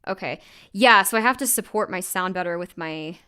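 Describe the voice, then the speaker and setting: Bright-voiced chatty woman singer. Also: lowish voice, smooth. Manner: chatty, quick laughs, frequent "like". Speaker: singer streaming a vocal recording session. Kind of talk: casual livestream chat.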